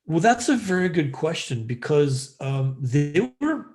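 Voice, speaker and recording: A man's voice: fairly high pitch, sing-song, unhurried, a little mellow. A middle-aged man from Western Canada, a podcast guest telling a long story in a loose, rambling way with lots of fillers. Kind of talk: casual storytelling interview.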